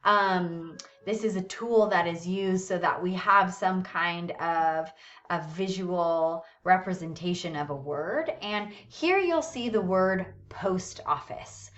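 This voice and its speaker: A woman's voice: on the low side, a bit bright. A woman teaching English, patiently walking through a lesson and checking in often with her listeners. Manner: slows down to model pronunciation of words. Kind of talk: recorded classroom lesson. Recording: dull lo-fi recording.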